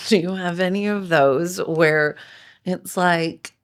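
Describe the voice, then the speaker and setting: A woman hosting a podcast, chatting casually and telling animated stories with frequent laughter. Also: on the low side, slow pace. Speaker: podcast host. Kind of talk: casual chat.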